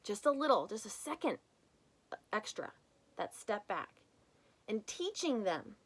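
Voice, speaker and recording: A woman's voice: mid-range voice, very animated, a little slow, long pauses. A woman in her thirties hosting a podcast, giving an emphatic motivational talk on leadership and often acting out people's inner voices. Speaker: podcast host and business coach.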